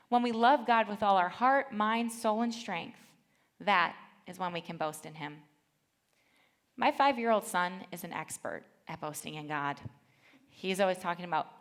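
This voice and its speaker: A woman in her thirties preaching a sermon, reading scripture aloud with earnest feeling and telling lively stories from her family. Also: medium pitch, measured pace. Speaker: church speaker.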